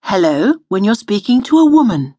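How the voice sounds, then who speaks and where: A woman instructor reading a scripted audio language lesson in a studio, slowly modelling each word to repeat. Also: mid-range voice, very animated, dark tone, husky, no room sound. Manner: patient, slow model pronunciation.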